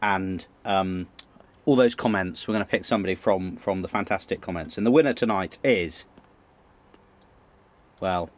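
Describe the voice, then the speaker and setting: A man's voice: deep voice, moderate pace, pauses often. A man presenting a raffle draw on a live show, building it up in a playful, mock-formal way. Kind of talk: casual live-show segment.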